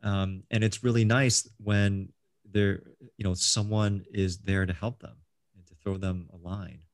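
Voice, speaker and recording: Middle-aged male host, gravelly low voice, dry close sound, loose rambling delivery. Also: little pitch movement, measured pace, no echo. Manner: rambling, many ums and restarts. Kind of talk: casual interview chat.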